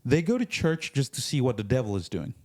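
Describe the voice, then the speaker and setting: A man's voice: medium pitch, big pitch swings, darkish tone. Guy w an on a faith podcast, chatty, does little voices of people complaining. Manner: acts out complainers in quick put-on voices. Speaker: podcast guest. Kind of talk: casual faith talk.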